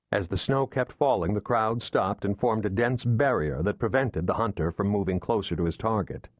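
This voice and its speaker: Male audiobook narrator, low voice, dry close sound, steady thriller reading. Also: no room sound. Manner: measured, steady storytelling.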